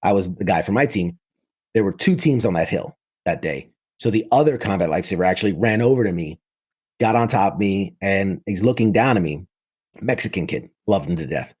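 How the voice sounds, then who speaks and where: Husky low-voiced man in his thirties. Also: lively intonation, a little fast, a little mellow. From New York City. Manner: vivid, frequent restarts and self-corrections. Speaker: military veteran guest. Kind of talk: casual personal storytelling.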